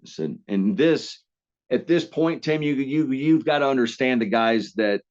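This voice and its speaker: A man's voice: medium pitch, lively intonation, measured pace, a little mellow, lo-fi sound. A man telling stories casually as an interview guest, rambling with frequent restarts and coarse language. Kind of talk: casual storytelling.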